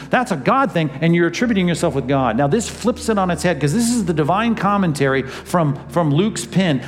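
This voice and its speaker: A man's voice: on the high side, big-room sound. A man preaching a sermon as pastor, emphatic and full of rhetorical questions, acting out quoted lines.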